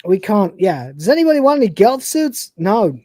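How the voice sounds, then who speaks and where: A woman's voice: medium pitch, sing-song, normal speed, mellow, no room sound. A woman co-hosting a live stream, giving a rambling, profane, casual recap of a TV episode and acting out its scenes. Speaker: podcast co-host.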